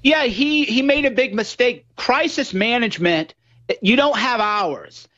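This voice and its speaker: High-voiced man guest on muffled line. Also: a little slow. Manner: animated storytelling, acts out quoted voices. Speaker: guest commentator. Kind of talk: political talk show discussion.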